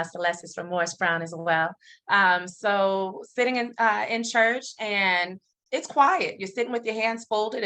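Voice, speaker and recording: A middle-aged woman, a guest in a casual interview, telling a personal story in an animated, candid way, often pausing on "um". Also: mid-range voice. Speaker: interview guest, company founder.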